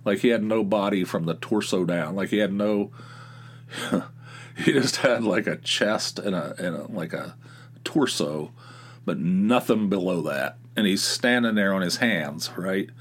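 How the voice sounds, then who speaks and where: A middle-aged podcast host with a deep voice and measured pace tells a story in a casual, rambling monologue. He sounds exasperated, restarts often, and laughs at his own tale.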